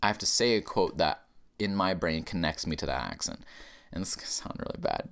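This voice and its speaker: Lively low-voiced man ranting for laughs. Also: brisk. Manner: animated, profane, laughing at himself. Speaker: comedy podcast host. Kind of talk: rambling comedic rant.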